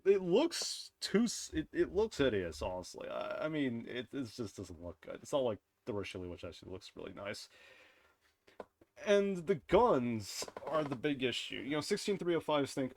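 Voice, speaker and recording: A man's voice: medium pitch, sing-song, moderate pace. A man casually reviewing a game's dev blog, rambling and offhand, often correcting himself mid-sentence and chuckling at his own jokes. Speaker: game content creator reviewing a dev blog. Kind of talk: casual commentary over screen content.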